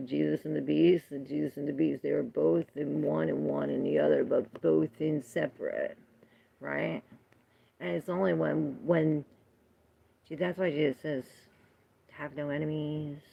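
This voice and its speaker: Slow, gravelly-voiced woman host. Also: low-pitched, fairly even intonation, dull audio. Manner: rambling, laughs often, reacts to chat comments. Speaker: tarot livestream host. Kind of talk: casual livestream chat.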